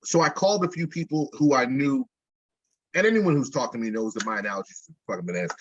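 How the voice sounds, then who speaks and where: Man, husky, fairly high voice, rambling profane storyteller, jokey, video call, dull lo-fi sound. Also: lively intonation, fast talker, no room sound. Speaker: rapper and interview guest. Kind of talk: casual storytelling.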